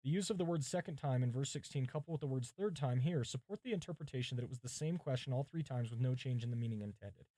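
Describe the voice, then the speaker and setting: Pastor, man, mid-pitched, reads study notes aloud and muses between them on a dry, close-sounding track. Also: fast, few pauses, mellow, no room sound. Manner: thinking aloud, chatting with viewers between readings. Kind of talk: livestream sermon prep, reading commentaries aloud. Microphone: mic set far from him.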